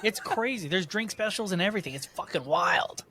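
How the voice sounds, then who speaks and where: A man's voice: sits high, animated, fairly quick, heavy background noise. A man co-hosting a podcast, trading crude jokes and laughing often in casual chat. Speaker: podcast co-host.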